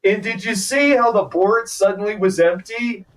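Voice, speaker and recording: A man's voice: sits high, normal speed, fairly bright tone, recorded from a distance. A man streaming a card game live, ranting and swearing in profane trash talk at his opponent. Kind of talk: live gameplay commentary.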